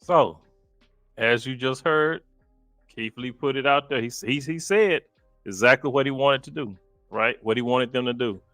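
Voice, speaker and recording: A man's voice: medium pitch, normal speed, a bit bright, no room sound, faint music behind. Chatty man reacting to a clip. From Dallas, Texas. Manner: chatty, exasperated asides to viewers. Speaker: commentary channel host. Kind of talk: casual reaction commentary.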